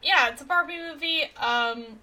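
A woman's voice: sits high, bright, forceful tone. A woman co-hosting a podcast, chatting casually and playfully about a movie. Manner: enthusiastic, quick to agree, playful. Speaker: podcast co-host. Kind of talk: casual film review chat.

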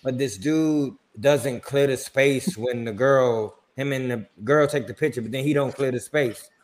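A man, a podcast co-host telling a funny story in casual chat, his voice jumping up when he quotes himself. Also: unhurried. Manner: animated storyteller, pitch jumps on quoted lines.

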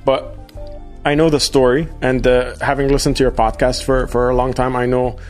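A man's voice: medium pitch, flat delivery, moderate pace, soft background music. Laid-back male podcast host. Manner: hesitant, laughs often, restarts phrases. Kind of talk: casual interview chat.

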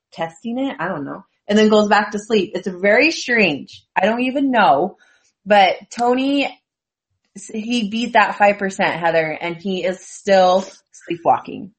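A woman telling a story to friends, so amused that giggles keep breaking into her words. Her voice sits at a middle pitch and stays relaxed and chatty. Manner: laughs through her story, breathless giggling. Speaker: storyteller in group chat. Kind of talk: casual chat.

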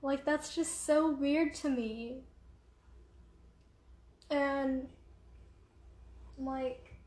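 High-voiced young woman rambling at home. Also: steady tone, very slow, a little mellow, roomy sound. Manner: rambling, distracted, many fillers. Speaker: vlogger. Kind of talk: casual rambling chat. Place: room at home.

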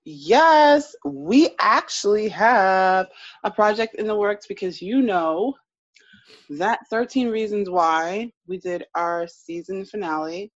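A woman's voice: medium pitch, takes it slowly, no room sound. Chatty woman podcaster, dull lo-fi sound. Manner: chatty, animated storyteller. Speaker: podcast co-host. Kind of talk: casual podcast chat.

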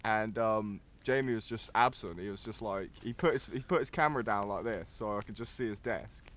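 A young man co-hosting a casual podcast, telling stories with animated bursts. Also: lowish voice, a little fast. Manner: animated storyteller. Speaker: podcast co-host.

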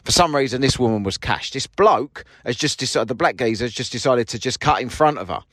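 A man's voice: mid-range voice, lively intonation, a little fast, a bit bright, no room sound. Sweary man telling a story. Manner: sweary, mocking, acts out both sides of a quarrel. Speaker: podcast host. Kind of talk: casual storytelling monologue. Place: in a parked car.

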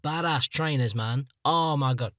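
A man's voice: mid-range voice, unhurried, pushed and bright, dry recording, clean studio sound. A man, hosting a solo podcast in a rambling, self-mocking, chatty way. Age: 30s. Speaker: podcast host. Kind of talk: comedic solo podcast monologue.

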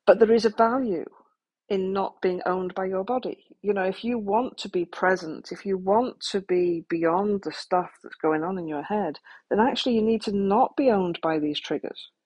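A woman's voice: medium pitch, normal speed, darkish tone, slightly rough. A woman speaking frankly and practically to the listener about coping with trauma, with some self-deprecating asides. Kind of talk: candid talk to the listener.

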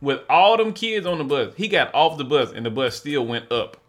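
Young man, animated laughing storyteller. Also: a little high, normal speed. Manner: animated, laughing retelling with mimicked voices. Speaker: podcast co-host. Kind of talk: casual storytelling chat.

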